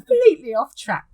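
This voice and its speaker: Her voice is very high-pitched, pushed and bright. She's a fibre artist from London co-hosting a casual video-call conversation about crafting, talking freely, making fun of herself and frequently laughing.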